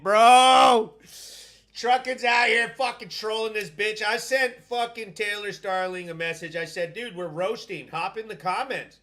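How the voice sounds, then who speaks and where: Solo on a live stream, a high-voiced male host reads out comments from viewers and gives shout-outs, loud, hyped, and full of profanity.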